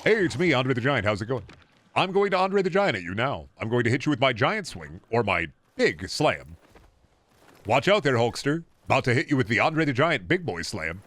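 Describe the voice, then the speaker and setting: A man's voice: mid-range voice, very animated, moderate pace, a bit bright. A man putting on the voice of a goofy, boastful giant wrestler, talking in a dopey way.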